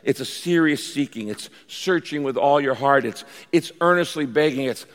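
A man preaching as pastor, animated, acting out pleading prayers and telling stories to his congregation. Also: medium pitch, normal speed, big-room sound. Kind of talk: sermon.

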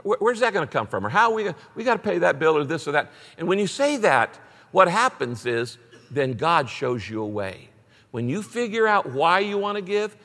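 A middle-aged man preaching a sermon as pastor, animated and emphatic, repeating key words for stress. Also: on the high side, long reverb tail.

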